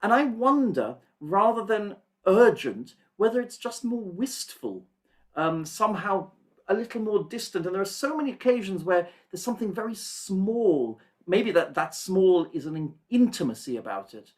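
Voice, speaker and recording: A man teaching an online singing masterclass over a video call, gentle and thoughtful, searching for words and humming rhythms to demonstrate. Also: high-pitched, big pitch swings, moderate pace.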